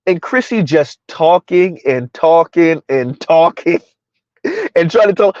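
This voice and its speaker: A man with a slightly high voice, talking through a casual commentary stream. He argues in rhetorical questions and keeps checking in with "right?" and "huh?". The sound is dry and a little dull, like a home setup with a modest mic. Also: big pitch swings, takes it slowly, a little mellow, no room sound. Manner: rhetorical, repeats "who would have ever thought" and "right? huh?"; talks about himself in third person. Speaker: commentary host.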